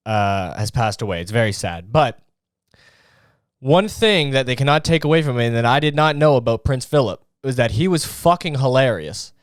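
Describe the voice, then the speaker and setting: A man's voice: medium pitch, smooth, no room sound, studio quality. A young man hosting a comedy podcast, rambling and swearing with lots of filler words. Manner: rambling, profane, full of fillers. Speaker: podcast host.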